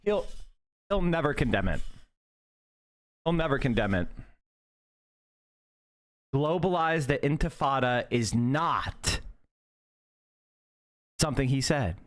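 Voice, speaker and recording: A man reacting to a news clip with angry commentary, profane and yelling insults at what he is watching. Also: mid-range voice, animated, slow pace, pauses often. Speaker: online reaction host.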